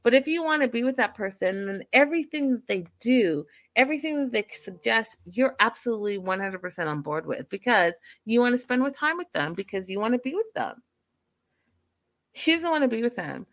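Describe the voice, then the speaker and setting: A woman's voice: a little high, big pitch swings, a little fast, a bit bright. A woman giving blunt, casual commentary on a relationship, acting out quoted lines as she goes.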